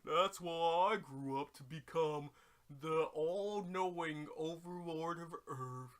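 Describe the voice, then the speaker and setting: A man putting on a slow, dim-witted alien guardian with a folksy drawl, on a game stream. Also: fairly high pitch. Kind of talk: comedic parody voice on a game stream.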